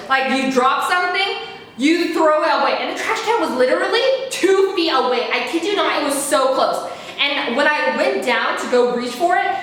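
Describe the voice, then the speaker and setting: A young adult woman telling a story in a casual, fast, frantic rant, repeating herself and swearing. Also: high voice, a bit bright. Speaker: vlogger. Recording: very echoey room.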